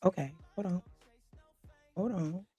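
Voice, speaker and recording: A woman's voice: on the low side, slow, mellow, breathy edge, no room sound, muffled recording, faint music behind. A woman hosting a casual livestream, chatty and flustered, often laughing as she talks to her audience. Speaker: livestream host. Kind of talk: casual chat to a live audience.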